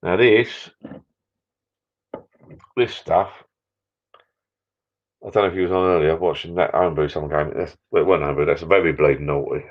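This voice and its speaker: A man's voice: rumbling low, moderate pace, pauses often. A middle-aged man, rambling casually and a bit tired during a live stream from his backyard shed bar, with mild swearing. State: tired, a few beers in. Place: backyard shed bar, small room indoors. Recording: dull lo-fi stream audio.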